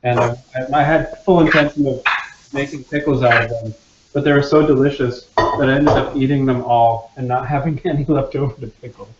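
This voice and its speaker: A man's voice: mid-range voice, steady tone, fairly quick. A man chatting casually as a guest on a cooking stream. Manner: chatty, talks about his garden. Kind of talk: casual chat. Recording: roomy, dull audio with faint noise.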